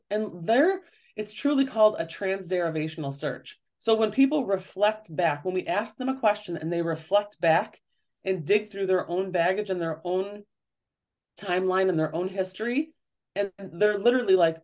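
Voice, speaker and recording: Earnest woman guest, mid pitch, explanatory interview delivery. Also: normal speed, a little mellow. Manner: earnest, explanatory, often acts out quoted questions. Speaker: parenting author and guest. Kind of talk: conversational interview.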